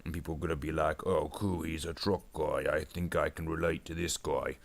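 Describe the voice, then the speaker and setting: A man's voice: a bass voice, steady tone, gravelly. A man streaming while he paints miniatures, voicing a bragging male orc warboss who rambles on. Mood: boastful. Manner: rambling, boastful, with slow drawn-out declarations. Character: boastful male orc warboss, big and bossy. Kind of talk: casual live stream chat in character.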